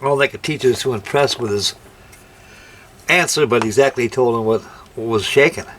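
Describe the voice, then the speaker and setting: A man's voice: mid-range voice, brisk, fairly bright tone, a little hiss or hum. An older man chatting casually while building a scale model, telling rambling folksy stories. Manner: rambling, folksy anecdotes with ungrammatical turns. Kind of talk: casual workshop chat and storytelling.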